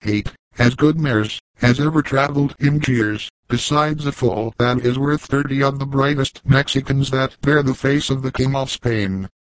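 A man's voice: mid-range voice, moderate pace, hardly any pauses, dry recording, close to an everyday voice, rough recording. A man reading the part of a huge, hostile emigrant leader who speaks bluntly and accusingly. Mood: angry.

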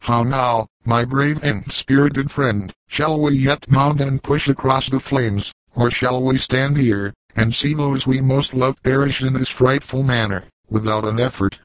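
A man's voice: medium pitch, fairly even intonation, unhurried, few pauses, no echo, lightly acted, low-quality recording. A man voicing an earnest young army captain speaking in formal, impassioned lines. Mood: desperate resolve.

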